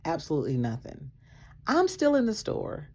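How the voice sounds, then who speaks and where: Husky low-voiced woman telling a story. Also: normal speed. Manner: animated, acts out dialogue, laughs often. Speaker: vlogger sharing a faith testimony. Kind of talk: casual storytelling.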